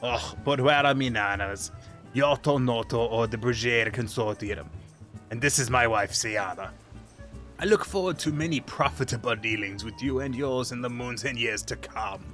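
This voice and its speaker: A man voicing a gruff older merchant in a rough mock pirate accent, growling his lines. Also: medium pitch, normal speed, fairly bright tone, faint music behind, close to an everyday voice. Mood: hearty. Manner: growling, stumbles over names. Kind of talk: reading game dialogue aloud in voices.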